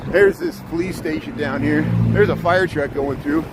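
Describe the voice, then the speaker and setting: A man with a higher-pitched voice speaks at normal speed while live-streaming from his bike in the city. His chatty narration includes thanks to viewers and nervous asides, all over wind, traffic and city noise on a street mic.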